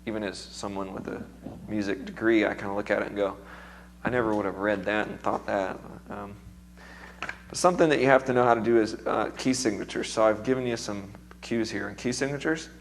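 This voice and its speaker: A man's voice: lowish voice, fairly quick. A man with a strained, recovering voice, teaching music theory to a seminar class in a casual, chatty way and quizzing the students.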